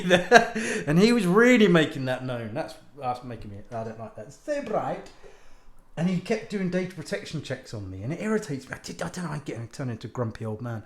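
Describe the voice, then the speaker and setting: A man's voice: a little high, echoey room. Sweary man ranting with laughs. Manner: sweary, laughs often, exasperated storytelling. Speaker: podcast host and author. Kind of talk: rambling casual monologue.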